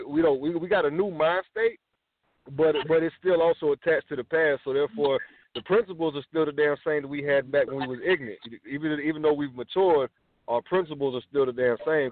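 A man's voice: a little high, steady tone, fairly quick. A man co-hosting a casual talk radio show, rambling and philosophizing with plenty of swearing. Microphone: phone in hand. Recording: tinny phone-line sound, dry.

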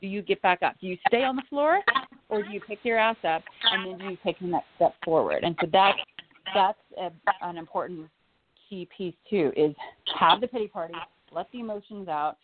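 A woman in her forties speaks candidly in a casual conversation, swearing freely and breaking into easy laughter. Her voice sits at a middling pitch. The sound is thin and phone-like, with a faint hiss under it. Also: a little fast. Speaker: guest. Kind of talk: casual podcast chat. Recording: tinny phone-like line with faint noise.

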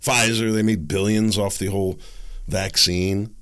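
A man's voice: lowish voice, flat delivery, a little slow, a bit bright, smooth. A man hosting a political commentary show, ranting in a sarcastic, exasperated way. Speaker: host.

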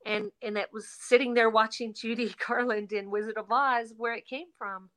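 Bright-voiced woman talking as a guest. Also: fairly high pitch, fairly even intonation, moderate pace. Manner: reflective, repeats words, frequent restarts. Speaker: guest performer. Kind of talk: casual interview chat.

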